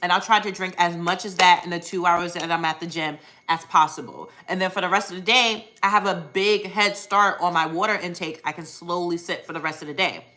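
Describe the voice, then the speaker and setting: A woman's voice: lowish voice, fairly even intonation, fairly quick, few pauses, pushed and bright. A young woman from the United States chatting casually on a live stream, upbeat and talkative, with frequent ums and self-corrections. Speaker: weight loss surgery vlogger hosting a live stream. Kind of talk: casual live-stream chat answering viewers.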